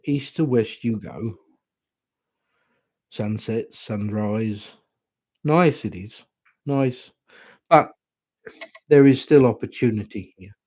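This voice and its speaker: English male tarot reader, husky, dry room, rambling livestream chat. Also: lowish voice, a little mellow, no room sound, low-quality recording. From England. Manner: musing, slow and rambling, chatty asides.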